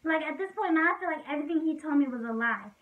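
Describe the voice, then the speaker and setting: A woman's voice: high voice, animated, fast talker, distant mic, narrow, tinny audio. A young woman casually telling a personal story to the camera, chatty and full of fillers. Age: young adult. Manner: chatty, fillers like "like", frequent laughs.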